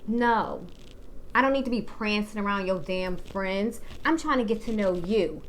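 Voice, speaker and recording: A woman's voice: medium pitch, unhurried, slight background noise. A woman in her thirties giving casual dating advice straight to the viewer, blunt and full of swearing. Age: 30s.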